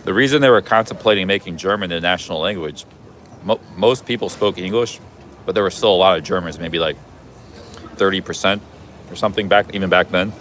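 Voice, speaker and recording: Deep-voiced man rambling on a city street. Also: brisk, fairly bright tone, a little hiss or hum. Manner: rambling, chatty, many restarts. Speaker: travel vlogger live-streaming. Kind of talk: casual walking live stream. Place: busy city street outdoors.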